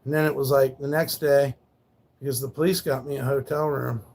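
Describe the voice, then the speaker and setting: A man speaks in a gravelly, mid-pitched voice, rambling loosely on a livestream. He swears freely and sounds grieving and subdued, trailing off into soft asides. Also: level tone, fairly quick. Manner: rambling, profane, grieving, reads chat. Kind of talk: casual livestream talk.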